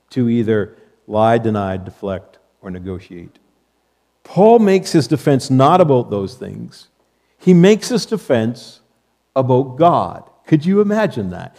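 A man's voice: on the high side, a little mellow. A male pastor delivering a sermon to his congregation, repeating key phrases emphatically and quoting scripture. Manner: emphatic preaching with repetition. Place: church sanctuary.

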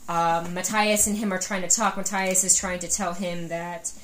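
A woman's voice: on the low side, level tone, normal speed, echoey room, crowd noise. A woman co-hosting a casual book podcast, retelling a novel's plot at length with many ums and restarts. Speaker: podcast co-host.

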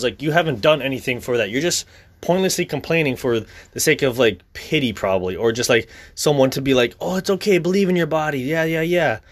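A man's voice: fairly high pitch, slightly rough. A young man talking casually, blunt and profane, in a heated rant.

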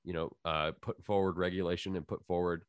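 A man's voice: sits low, flat delivery, a little fast, clean tone, no echo. A man hosting a casual podcast, rambling with lots of fillers and restarts and laughing easily. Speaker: podcast host.

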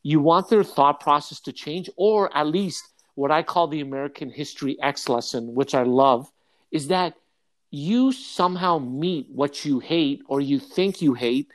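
Animated young man telling a story. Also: on the high side, a little slow, no room sound. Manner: animated storyteller, acts out quotes. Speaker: podcast co-host. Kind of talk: casual podcast chat.

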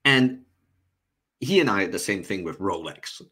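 A man co-hosting a casual chat, telling animated stories and acting out other people's words, with loose, filler-heavy speech. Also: low-pitched, normal speed, slightly rough. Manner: animated storytelling with quoted voices. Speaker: co-host reading viewer messages.

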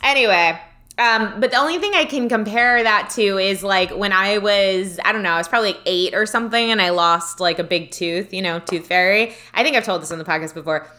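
Woman podcast cohost, bright voice, chatty and laughy. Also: mid-range voice, a little fast. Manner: chatty storyteller, laughs often. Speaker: podcast co-host. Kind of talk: casual chat.

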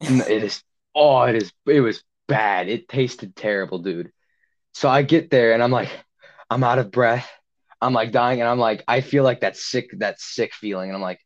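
A man's voice: mid-range voice, normal speed, dull audio. A young man casually telling a long story on a podcast, rambling with many fillers and restarts. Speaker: podcast co-host.

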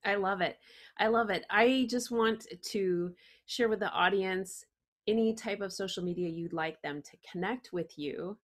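A woman's voice: mid-range voice, unhurried. A woman hosting an interview show, talking in an enthusiastic, effusive way as she praises her guest. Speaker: show host.

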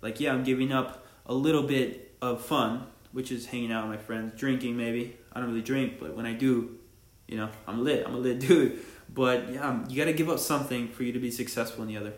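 A man's voice: medium pitch, steady tone, fairly quick. A young man hosting his own podcast, rambling casually in slang and laughing at himself as he talks about barbering. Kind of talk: casual solo podcast monologue. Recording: echoey room.

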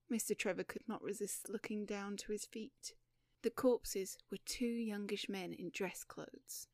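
A woman narrating a story in a measured audiobook reading. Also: medium pitch, steady tone, dry recording, clean studio sound.

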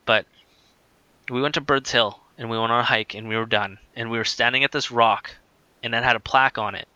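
A man tells a story from his childhood in a loose, rambling way, hanging "like" and restarts on his sentences. His voice is very bright and forward. It is recorded close and dry, with no room sound. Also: mid-range voice, fairly even intonation, a little fast, smooth, no echo, highs cut off. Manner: rambling, filler-heavy with many "like"s. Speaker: guest telling his story. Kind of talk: casual conversational storytelling.

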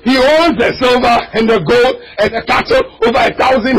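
A male pastor delivering an impassioned sermon, breaking into shouted, cracking cries and calling out to his congregation. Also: very high-pitched, brisk, hardly any pauses, slight background noise, rough recording. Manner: addresses and prods the congregation directly.

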